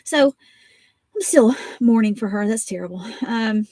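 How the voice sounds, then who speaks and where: A woman's voice: on the high side, unhurried, no room sound. A woman, chatting in a rambling, folksy way while crafting on a home livestream. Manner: rambling, folksy, animated storytelling. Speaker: papercraft vlogger.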